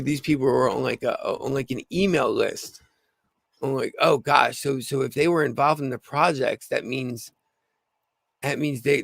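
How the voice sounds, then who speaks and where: A slightly hoarse man with a gravelly voice hosting a casual livestream, rambling with lots of fillers and restarts. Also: mid-range voice, no room sound. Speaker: livestream host.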